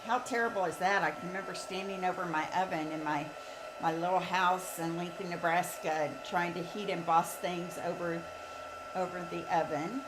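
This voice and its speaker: A woman's voice: fairly low pitch, fairly even intonation, moderate pace, background noise. A woman chatting through a live card-making demonstration, often checking in with "okay?" and filler "um"s. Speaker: stamping demonstrator. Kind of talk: live crafting demo.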